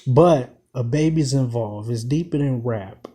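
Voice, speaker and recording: Mellow-voiced man breaking down lyrics. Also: medium pitch, a little slow, slightly rough. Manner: emphatic, repeats quoted lines, keeps asking "you know what I'm saying". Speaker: commentator.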